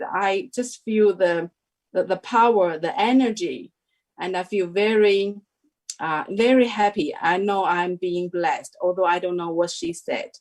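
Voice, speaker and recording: A woman giving a personal testimony as an interview guest, telling her story in halting, unhurried phrases. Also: fairly low pitch. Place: lives in New Zealand.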